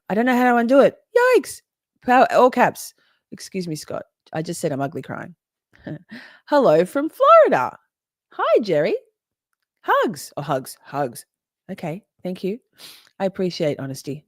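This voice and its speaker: A woman's voice: lowish voice, a little mellow, dry recording, clean studio sound. A woman hosting a casual live stream, reading viewers' comments aloud, swearing freely and laughing often. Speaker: livestream host reading chat.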